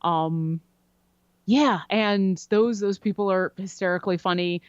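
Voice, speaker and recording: Woman, podcast guest, animated storyteller, dry dull recording. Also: mid-range voice, measured pace, clean tone, no echo. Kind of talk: casual storytelling interview. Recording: dry, slightly dull lo-fi sound.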